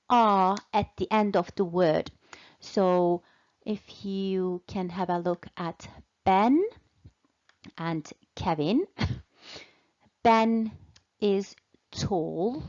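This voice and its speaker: A woman teaching English in a slow, deliberate way, patiently repeating and stretching out key words for learners. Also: medium pitch, darkish tone, highs cut off. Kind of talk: slow, deliberate language lesson.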